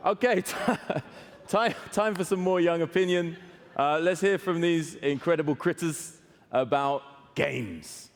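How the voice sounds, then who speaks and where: Hosting an awards ceremony on stage in a large hall before a live audience, a man jokes, rambles and laughs at his own jokes. His voice is a little high and his pace measured. Long hall reverb and audience noise fill the recording.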